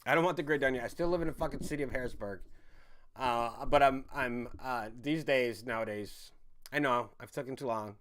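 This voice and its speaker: Male streamer, mid-pitched, rambling, profane, laughs a lot while reading chat. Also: a little fast, fairly bright tone. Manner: rambling, swears freely, laughs often. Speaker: livestream host reading viewer chat. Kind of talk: casual rambling livestream chat. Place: home in a city.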